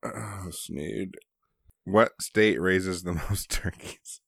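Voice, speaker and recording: A man's voice: sits low, drawn-out words, creaky, no echo, studio quality. A man co-hosting a casual chat, laid-back and teasing, reading out trivia questions.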